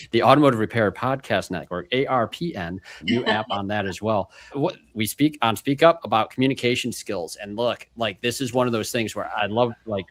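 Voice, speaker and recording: A man with a slightly low voice hosts a podcast panel, introducing his guests in an upbeat, effusive way. He talks in a casual interview style. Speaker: podcast host.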